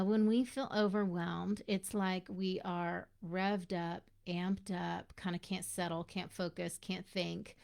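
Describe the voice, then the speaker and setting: A woman's voice: medium pitch, vocal fry, a little mellow. A woman and mother of young children, hosting a live-streamed coaching talk for mothers and chatting directly with her viewers, greeting them by name. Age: adult mother of young children.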